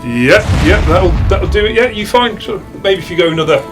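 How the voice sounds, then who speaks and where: A man's voice: high-pitched, lively intonation, music in the background. British man running a tabletop game. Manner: casual, halting, lots of restarts and fillers. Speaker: dungeon master.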